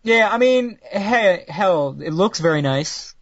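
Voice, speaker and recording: A man hosts a casual anime podcast in a crude, sarcastic ramble, tripping over his own restarts. His voice sits a touch higher than most men's. The sound is dull and lo-fi, with no room echo. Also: expressive, slow, fairly bright tone. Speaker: podcast host reviewing new anime. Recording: dull lo-fi dry recording.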